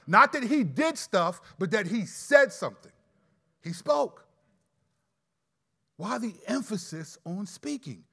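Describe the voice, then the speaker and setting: High-voiced emphatic preacher man. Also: sing-song, creaky, breathy edge. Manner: emphatic, with sudden loud stresses and slowed key phrases. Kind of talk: sermon.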